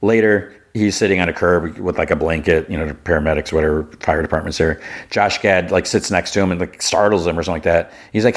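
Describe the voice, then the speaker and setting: A man hosting a podcast, casually retelling a TV episode and jumping up in pitch to act out the characters' lines. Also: fast, few pauses. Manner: animated retelling, acting out characters' lines in a raised voice. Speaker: podcast host. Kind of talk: casual movie and TV recap.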